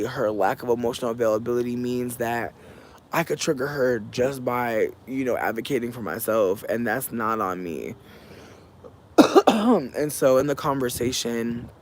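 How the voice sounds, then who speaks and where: A man's voice: mid-range voice, a little hiss or hum. A man in a casual livestream, animatedly telling a family story with profanity and laughs while thanking viewers. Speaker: live streamer.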